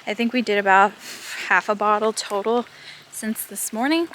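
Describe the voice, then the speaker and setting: A woman's voice: medium pitch, steady tone, normal speed, a bit bright, a little hiss or hum. A woman chatting casually as she walks around her farm, a bit out of breath, rambling and laughing now and then. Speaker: farm vlogger. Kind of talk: casual vlog chat. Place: outdoors on a farm.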